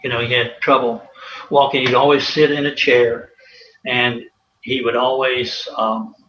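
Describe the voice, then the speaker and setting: A man's voice: mid-range voice, little pitch movement, unhurried, pushed and bright. A man, a former college athlete, telling anecdotes in a rambling way with many fillers and chuckles. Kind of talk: casual storytelling interview. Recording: roomy, slightly dull, faint hiss.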